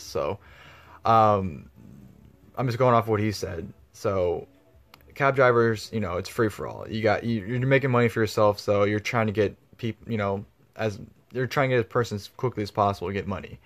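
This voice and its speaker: A man's voice: lowish voice, fairly quick. A man telling a story in a casual vlog, rambling with lots of fillers and swearing freely. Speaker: vlogger.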